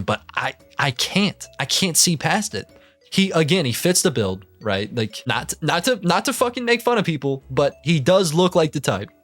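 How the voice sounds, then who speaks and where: A man's voice: medium pitch, fairly bright tone, no room sound. A young man in his twenties doing casual reaction commentary, ranting in an exasperated way with plenty of swearing, stammered restarts and laughter. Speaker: commentary YouTuber.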